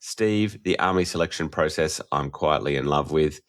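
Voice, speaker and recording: A man's voice: extremely low pitch, normal speed. A man co-hosting a podcast, casually chatting and reading through listener comments. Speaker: podcast co-host. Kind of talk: casual chat.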